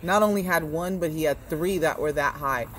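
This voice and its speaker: Woman, podcast co-host, loud profane storyteller who mimics people. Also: sits low, normal speed, a little hiss or hum. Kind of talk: casual chat.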